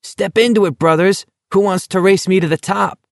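Male reader voicing a shrill, mocking teenage boy, pitched high, dry audiobook read. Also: expressive, a little slow, a little mellow, no room sound. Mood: taunting. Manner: jeering, merry, shrill.

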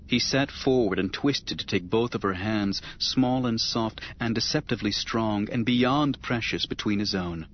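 A man with a fairly low voice narrates an audiobook in measured, even tones. The recording sounds dull and lo-fi, with a faint hiss underneath.

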